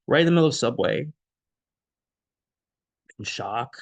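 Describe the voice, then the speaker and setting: Gravelly man telling an emotional story. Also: medium pitch, lively intonation, unhurried, long pauses, no echo. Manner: emotional, increasingly hushed, shaken. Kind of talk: casual personal storytelling.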